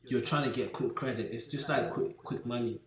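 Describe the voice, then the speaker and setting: A man's voice: medium pitch, steady tone, brisk, a crowd in the background. Young man in an echoey room. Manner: keeps asking "do you get me". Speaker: podcast co-host. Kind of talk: casual chat.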